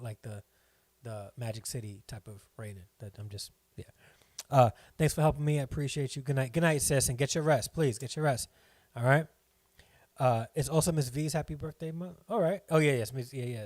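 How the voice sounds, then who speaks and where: A man's voice: mid-range voice, a little mellow, dry recording. Chatty middle-aged man on a dry mic. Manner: rambling, chatty, reads viewer comments aloud. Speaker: live stream host. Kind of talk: casual live stream chat. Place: at home.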